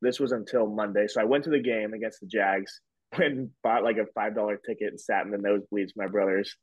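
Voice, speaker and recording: A man's voice: fairly low pitch, fairly even intonation, fast talker, husky, no room sound. A man in his twenties, a podcast guest, telling a story casually with many fillers like "like" and "whatever". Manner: loose and rambling, heavy on fillers like "like" and "whatever". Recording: dull lo-fi, dry sound.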